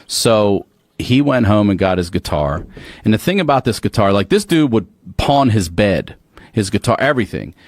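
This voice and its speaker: A man from Baltimore, a podcast guest telling a story in a profane, lively way. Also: lowish voice, moderate pace, dry recording, clean studio sound. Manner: profane, animated storytelling with restarts. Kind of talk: casual storytelling.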